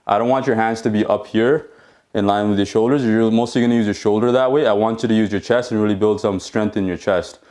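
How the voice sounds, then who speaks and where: A man's voice: on the low side, fairly even intonation, quick pace, darkish tone. Encouraging male home workout coach. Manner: encouraging, checks in with frequent "okay?"; counts reps while exercising along. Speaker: fitness instructor.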